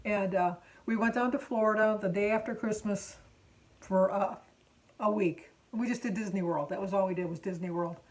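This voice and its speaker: A woman's voice: mid-range voice, moderate pace. A woman in her sixties from Michigan, chatting casually to her viewers and telling rambling family stories, often stopping to correct herself. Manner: rambling, self-correcting storyteller. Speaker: vlogger. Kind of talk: casual chat.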